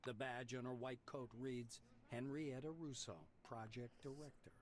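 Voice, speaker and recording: A man reading the narration of a text game aloud in a plain, even way. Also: mid-range voice, normal speed.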